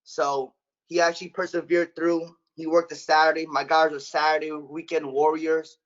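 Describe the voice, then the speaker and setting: A man's voice: fairly high pitch, flat delivery, normal speed. A man running a sales team meeting over a call, blunt and casual, swearing now and then. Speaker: sales manager. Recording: dull lo-fi call audio.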